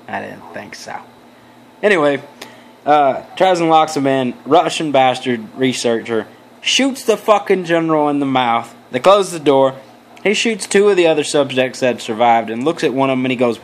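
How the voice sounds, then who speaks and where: A man's voice: mid-range voice, lively intonation, normal speed, a little hiss or hum. A young adult man vlogging, telling a story in a loose, rambling way with crude, profane jokes and asides. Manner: loose, meandering, many restarts.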